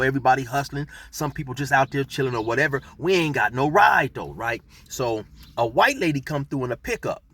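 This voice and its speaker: A man's voice: mid-range voice, a bit bright, breathy edge. A middle-aged man telling a street story in laid-back slang, rambling with fillers as he goes. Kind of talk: casual storytelling.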